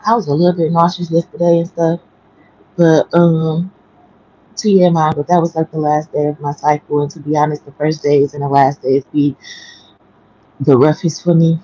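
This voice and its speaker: A woman's voice: low voice, flat delivery, moderate pace, warm tone, no room sound, muffled recording. A woman who has just woken up, telling a rambling story on a casual morning livestream from home and keeping her voice down. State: just woke up. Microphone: headphones with mic.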